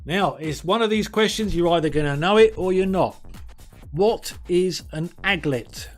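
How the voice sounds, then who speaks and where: A man's voice: sits high, normal speed, faint music behind. A man hosting a live-streamed quiz in a chatty, jokey way, reading out viewers' answers by name. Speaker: quiz host.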